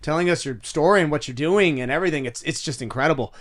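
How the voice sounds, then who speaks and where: A man's voice: fairly high pitch, quick pace. A man hosting a podcast, thanking his guest and asking where listeners can join. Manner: short encouraging backchannels. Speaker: podcast host. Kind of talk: casual interview.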